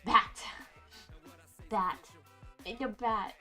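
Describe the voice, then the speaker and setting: A young woman streaming a video game, gushing and excitable, swearing freely as she talks. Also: a little high, very slow. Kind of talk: gaming livestream commentary. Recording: faint game music behind.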